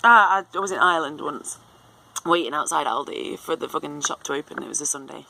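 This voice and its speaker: A woman's voice: deep voice, a little fast, gravelly, pushed and bright, low-quality recording. A woman in her thirties telling a long story in a rambling, casual way, full of fillers and restarts. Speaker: vlogger.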